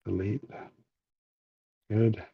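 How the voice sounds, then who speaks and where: A man's voice: lowish voice, level tone, drawn-out words, creaky, slightly rough, no room sound. A man hosting a casual livestream from a workshop, demonstrating 3D scanning while joking and rambling with plenty of fillers and restarts. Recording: slightly dull, lo-fi stream audio.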